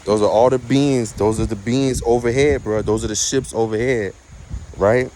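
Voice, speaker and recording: A man vlogging outdoors at night in the wind, talking quietly and mellow in a preachy way and swearing often. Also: medium pitch, fairly even intonation, moderate pace. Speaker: spiritual vlogger. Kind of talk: casual outdoor vlog.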